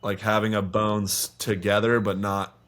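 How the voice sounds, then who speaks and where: A man's voice: lowish voice, flat delivery, normal speed, a bit bright. A young man in his twenties, a podcast guest telling a long story in a casual, rambling way full of swearing. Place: podcast studio.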